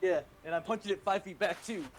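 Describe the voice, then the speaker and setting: A man's voice: high voice, fast, slight background noise. A man playing a tabletop game, joking and laughing often. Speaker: player. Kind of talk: casual tabletop game chat.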